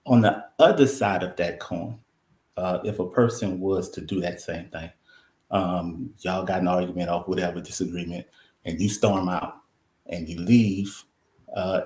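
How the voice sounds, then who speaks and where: A man co-hosting a casual chat about a reality show, making his point in a measured, halting way. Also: low-pitched, darkish tone. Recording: echoey room.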